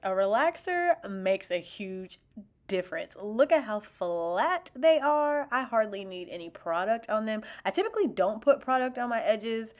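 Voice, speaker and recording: A woman talking through a hair tutorial in a casual voice-over, chatty and full of fillers, laughing at herself now and then. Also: mid-range voice. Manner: self-deprecating, laughs at herself. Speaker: beauty vlogger.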